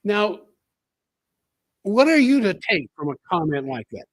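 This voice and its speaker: A man with a slightly high, husky voice delivers a solo commentary show in an emphatic style. He hammers his points home by repeating key phrases. The sound is dry and close, with no room echo. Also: big pitch swings, a little slow. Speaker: political commentary host.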